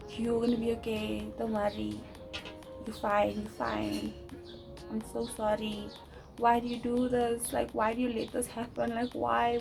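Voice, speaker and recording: A young woman telling a personal story to camera, talking loud and fast with many restarts. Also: mid-range voice, poor audio. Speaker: vlogger.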